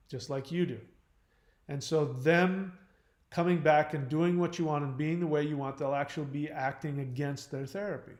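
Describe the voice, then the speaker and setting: Hosting a live advice stream on relationships and codependency, a man bluntly answers questions from chat. His slightly high, somewhat mellow voice rambles with fillers and restarts, and a clear roomy echo fills the sound.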